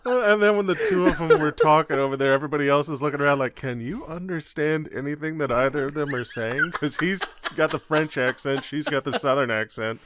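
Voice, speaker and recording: A man co-hosting a podcast in casual chat, relaxed and easygoing. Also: on the high side, a little fast, few pauses, noisy background. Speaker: podcast co-host.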